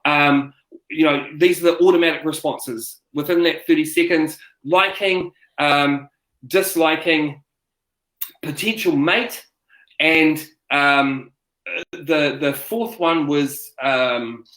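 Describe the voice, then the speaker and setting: A New man speaks as a guest in a relaxed interview, retelling stories with lots of energy and plenty of false starts. His voice sits on the higher side for a man. The room is roomy and echoey around him. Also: slow pace. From New Zealand. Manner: animated storyteller, acts out quotes, many restarts. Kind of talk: casual interview chat. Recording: roomy echo.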